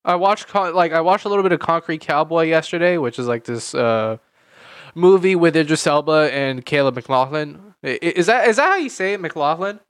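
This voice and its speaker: A man's voice: fairly high pitch, normal speed, clean tone, no room sound, studio quality. A young man in his late teens, co-hosting a casual chat podcast, rambling with lots of fillers and repeated words. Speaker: podcast co-host.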